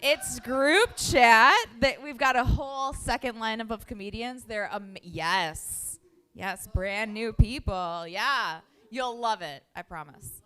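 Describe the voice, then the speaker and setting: A woman's voice: fairly high pitch, slow pace, bright, forceful tone, smooth. A woman hosting a comedy show on a theater stage, bubbly and playful as she introduces the acts.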